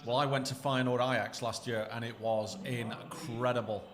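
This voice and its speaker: A man's voice: medium pitch, steady tone, moderate pace. A man co-hosting a live football stream, chatty and wisecracking. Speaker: stream co-host. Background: football match crowd on the telly.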